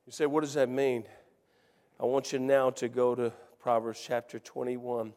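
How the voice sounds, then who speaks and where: A man preaching a sermon, telling a personal story with rising emotion and bursts of shouting. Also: medium pitch, little pitch movement, normal speed, long reverb tail.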